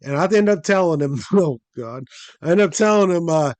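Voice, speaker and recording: Podcast host, male, high voice, animated and profane storyteller who acts out the people he quotes. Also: normal speed, no room sound. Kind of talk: casual storytelling chat.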